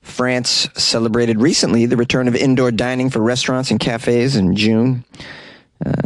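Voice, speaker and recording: A man's voice: mid-range voice, no room sound. A man hosting a daily comedic news podcast, reading headlines and riffing with wisecracking asides. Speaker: podcast host.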